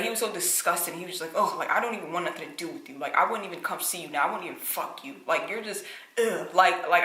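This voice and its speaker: A woman's voice: fairly low pitch, sharp tone, reverberant, rough recording. A woman telling her own story to the camera in a candid personal vlog, her speech full of "like" and "um" fillers. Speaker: vlogger.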